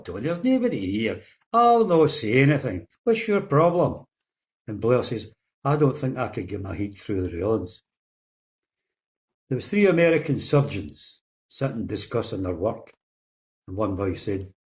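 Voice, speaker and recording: A man's voice: fairly low pitch, a little mellow. A middle-aged man hosting, telling a string of jokes in a chatty, rambling way and briefly shifting his voice for each character. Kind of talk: casual joke-telling.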